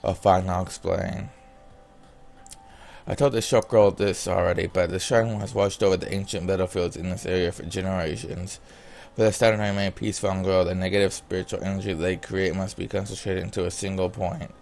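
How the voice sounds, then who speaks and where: Low gravelly man reading game text. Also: level tone, fairly quick, a little mellow, slight background noise. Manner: reads all the character lines in a plain voice, breaking off for casual comments. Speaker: gamer reading a visual novel aloud. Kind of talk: reading game dialogue aloud with asides.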